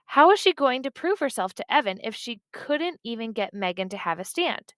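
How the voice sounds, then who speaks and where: A woman narrating a children's book in a steady, expressive storytelling manner, close to the mic. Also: a little high, normal speed, few pauses, clear, resonant tone, no echo. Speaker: audiobook reader.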